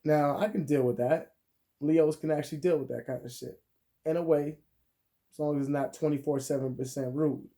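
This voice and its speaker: A young man telling a profane storytime rant as a vlogger, crude and animated, jumping between loud outbursts and muttered asides. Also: on the high side, normal speed.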